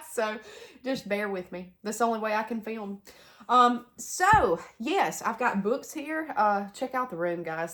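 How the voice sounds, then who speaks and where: Speaking on the low side with a fairly bright tone, a young Southern US woman talks to camera for her homestead vlog. She rambles casually and drifts into asides, filming in a sunroom bedroom of a house.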